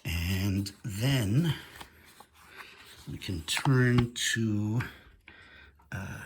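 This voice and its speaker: A man giving a methodical screen-share lecture on biblical grammar, pausing often with fillers and carefully reading out Hebrew phrases. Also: lowish voice, noisy background. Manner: methodical, hesitant with frequent fillers. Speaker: biblical language teacher.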